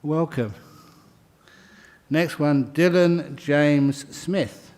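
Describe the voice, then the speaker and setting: A man leads a ceremony, calling out names one by one and chatting with each person he welcomes. His delivery is slow and unhurried, and his voice has a dark, mellow tone. He often laughs lightly between names. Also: on the high side, steady tone. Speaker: monk leading a ceremony. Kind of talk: reading names and welcoming new members. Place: meditation hall.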